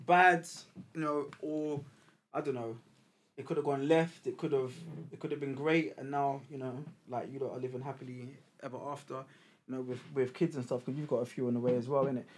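A man's voice: mid-range voice, fairly even intonation, brisk. A man hosting a casual podcast chat, playful and jokey. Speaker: podcast host.

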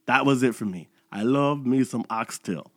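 This motivational podcast monologue comes from a man in his thirties who speaks at a moderate pace in a mid-range voice, recorded at studio quality with no echo. He keeps it conversational and animated, playing out his inner voice aloud.

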